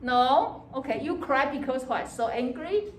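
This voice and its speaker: Animated woman lecturing in an echoey classroom. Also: high voice, measured pace, far from the mic, slight background noise. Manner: animated, acts out student voices, frequent "okay" and "right". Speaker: psychology lecturer.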